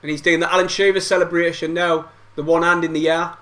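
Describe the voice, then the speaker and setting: A man's voice: on the high side, flat delivery, fast talker, a bit bright. A young man reacting to a football match live, frustrated and swearing, full of banter. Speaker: football fan streamer. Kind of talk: live match watch-along commentary.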